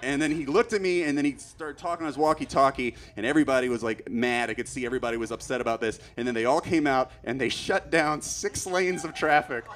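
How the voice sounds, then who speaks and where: Male stand-up, mid-pitched, rambling storyteller who escalates into panicked shouting; light background noise. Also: fast, hardly any pauses. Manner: rambling, gets loud and frantic acting out panic. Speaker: stand-up comedian.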